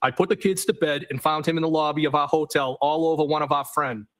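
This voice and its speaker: A man on the witness stand, reading text messages aloud in a matter-of-fact way and saying the punctuation marks out loud. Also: a little high, steady tone, quick pace, rough recording. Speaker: trial witness.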